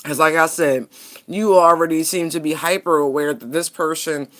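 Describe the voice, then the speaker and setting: Blunt, bright-voiced woman tarot reader. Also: sits low, fairly even intonation, normal speed. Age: adult parent. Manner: blunt and frank, laughing often. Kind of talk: casual tarot reading commentary.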